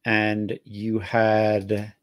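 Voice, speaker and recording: A man with a New Jersey accent, hosting a live tabletop game and recapping the story in a halting, self-correcting way with easy laughs. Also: lowish voice, monotone, no echo. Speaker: game master. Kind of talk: casual actual-play narration.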